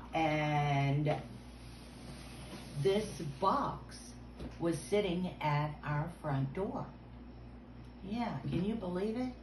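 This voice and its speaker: Woman preschool teacher, unhurried and playful, slipping into hushed whispers; echoey room recording. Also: fairly low pitch. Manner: playful and animated, dropping to hushed whispers for suspense. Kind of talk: video lesson for young children. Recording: roomy sound with faint background noise.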